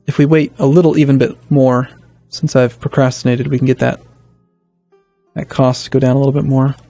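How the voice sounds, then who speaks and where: A man casually commenting on his strategy game as a let's play host, thinking aloud with hesitant restarts and sudden bursts of excitement. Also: mid-range voice, fairly quick, faint music behind.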